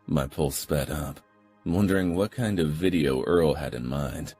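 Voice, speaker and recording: A man narrating a first-person audiobook in a steady, low-key manner with a husky voice. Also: measured pace, soft background music.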